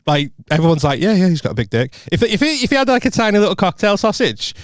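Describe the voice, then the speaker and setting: A man's voice: high voice, big pitch swings, fast talker, no echo, clean studio sound. A young adult man, a comedian co-hosting a podcast, joking rowdily and laughing often. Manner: laughs often, rowdy, jokey. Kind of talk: casual comedic chat.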